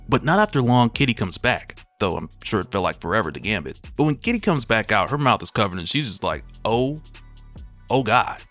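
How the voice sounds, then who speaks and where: Male recap host, casual and chatty, very animated delivery. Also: mid-range voice, no echo. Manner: chatty, laughs at his own asides. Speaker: comic book recap host. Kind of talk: casual comic recap narration.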